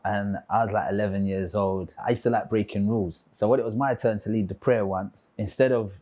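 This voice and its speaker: A man's voice: fairly low pitch, steady tone, brisk, warm tone. A man with a London accent, a spoken word poet telling his life story in an interview and acting out the voices of people in it. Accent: London English. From London, England. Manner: vivid storyteller who acts out quoted voices.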